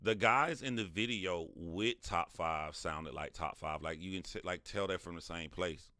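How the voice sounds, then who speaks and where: A deep-voiced man riffs through a casual livestream. His tone is bright and forceful, and he laughs often as he answers his chat. The close, dry mic leaves no room sound. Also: a little slow, no echo. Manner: animated, laughs often, talks back to chat. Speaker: livestream host.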